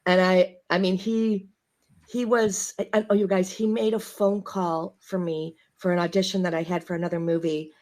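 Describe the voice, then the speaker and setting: Woman, from Chicago, podcast guest, animated storyteller, somewhat low voice. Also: normal speed. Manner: animated, laughing, acts out quoted voices. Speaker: guest actress. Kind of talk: casual storytelling.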